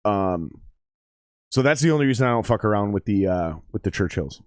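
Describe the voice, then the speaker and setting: A man's voice: lowish voice, lively intonation, a little fast, no room sound, studio quality. A man chatting casually on a livestream, rambling and swearing with lots of fillers as he comments on a game. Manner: rambling, profane, with many fillers.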